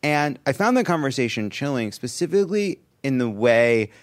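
A man's voice: mid-range voice, very animated, normal speed. Man, podcast co-host, wry, ribbing, thoughtful, casual banter. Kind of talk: casual banter and interview questions.

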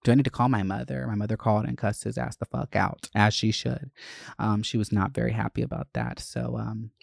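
A young adult vlogger telling a school story in a profane, animated, gossipy way. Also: mid-range voice, fairly quick, creaky, no room sound, studio quality. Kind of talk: casual storytelling.

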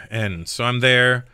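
A man, a comedian guest telling animated stories in a casual radio studio interview. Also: mid-range voice, clear, resonant tone, no room sound. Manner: animated storyteller acting out voices in his anecdotes. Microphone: studio microphone.

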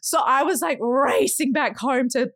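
A woman's voice: sits high, unhurried, creaky, a bit bright, dry recording, studio quality. An Australian woman in her thirties, a podcast co-host telling a story in casual chat. She talks animatedly, acts out other people's voices and says "like" a lot.

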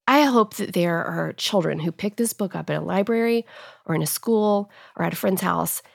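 A woman's voice: fairly low pitch, moderate pace, creaky, no echo, clean studio sound. A woman in her thirties, a guest talking earnestly and emotionally in a casual interview, at times choked up. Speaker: guest author.

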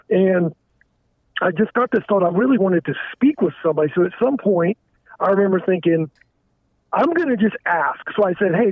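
A man calling in, talking frankly and haltingly with stumbling restarts. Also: high-pitched, dry recording. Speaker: caller. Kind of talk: candid confessional phone talk. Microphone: telephone. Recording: tinny phone line.

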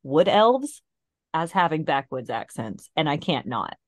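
A co-host banters on a casual podcast, joking and riffing on the topic. The voice sits at a middle pitch and is recorded dry and close. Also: very animated, a little slow, no room sound. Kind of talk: casual chat.

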